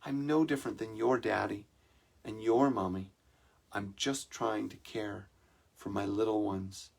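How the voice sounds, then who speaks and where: A man's voice: fairly low pitch, steady tone, measured pace, vocal fry. A man voicing a trapped mother mountain lion, sweet-talking and pleading to be set free.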